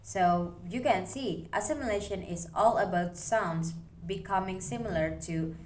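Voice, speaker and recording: A woman reading a phonology class presentation aloud, slowly working through examples one at a time. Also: mid-range voice, a little mellow, slight background noise. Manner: slow, careful, reads examples one by one. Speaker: student presenter.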